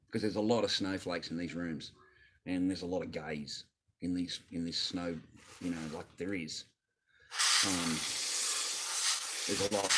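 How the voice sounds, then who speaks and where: A man's voice: fairly low pitch, a little hiss or hum. A man hosting his own channel, ranting on a livestream in an angry, profane, rambling way. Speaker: channel host. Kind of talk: livestream rant.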